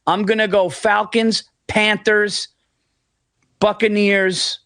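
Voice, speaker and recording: A man with a fairly high voice chats casually about sports picks. He is blunt and profane, and he cracks himself up. The sound is dry and close, with little room around it. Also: flat delivery, takes it slowly, a bit bright, no room sound. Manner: blunt, profane, laughs at his own jokes. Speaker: podcast co-host.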